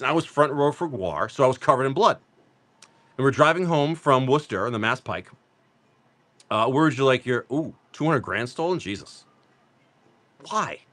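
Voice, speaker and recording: A man's voice: medium pitch, a bit bright. A middle-aged man from Massachusetts chatting casually on a live stream as a card seller, telling rambling, profane stories and laughing often.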